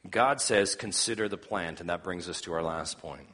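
A man's voice: deep voice, moderate pace, fairly bright tone. A man preaching a sermon, reading scripture aloud and rising in earnest emphasis, with a cough now and then. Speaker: pastor.

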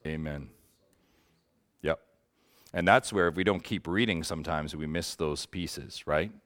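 A man's voice: deep voice, a bit bright. A man teaching a Bible study group in a conversational way, earnest and passionate, often checking in with his listeners.

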